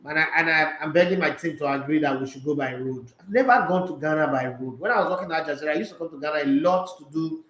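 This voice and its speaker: Nigerian guy hosting a sports stream, high voice, chatty, reads comments, pidgin here and there, roomy echo. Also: fast talker, hardly any pauses, fairly bright tone, slight background noise. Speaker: sports show host. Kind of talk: casual live-stream chat reading comments.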